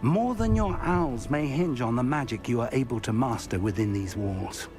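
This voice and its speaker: An actor voicing a kindly older male professor in a video game, speaking in a measured, fatherly way. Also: medium pitch, expressive, music in the background, close to an everyday voice. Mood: advising.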